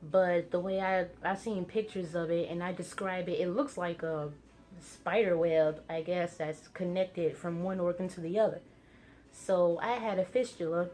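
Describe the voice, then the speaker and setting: A young woman casually telling a personal story to camera, with many fillers and quick excited bursts. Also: lowish voice. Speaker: vlogger.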